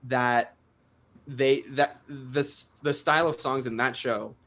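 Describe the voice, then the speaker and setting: A man's voice: medium pitch, fairly even intonation, takes it slowly, a bit bright. A young man, a guest singer, talking casually in an interview, chatty and self-deprecating, laughing often and restarting sentences.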